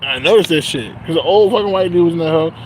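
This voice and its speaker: A man's voice: on the high side, lively intonation, fast, noisy background. A man telling a story in a rambling, profane, casual rant full of filler phrases, speaking outdoors on a street. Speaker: vlogger.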